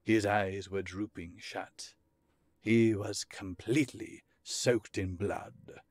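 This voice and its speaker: A man narrating a fantasy audiobook in a measured, expressive storytelling manner. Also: fairly low pitch, no echo.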